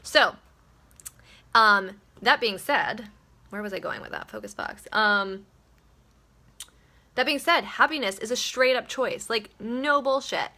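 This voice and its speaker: A woman's voice: a little high, slow, pauses often, sharp tone. A woman hosting her daily live video, giving casual motivational talk in a chatty, blunt way, swearing freely and laughing often.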